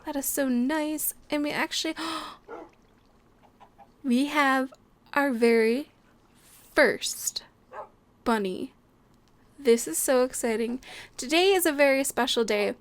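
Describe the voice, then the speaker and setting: A woman's voice: high-pitched, slow, pauses often. A young woman hosting a Minecraft let's play, chatting casually and gushing with delight, with frequent gasps and laughs. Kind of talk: casual gameplay commentary.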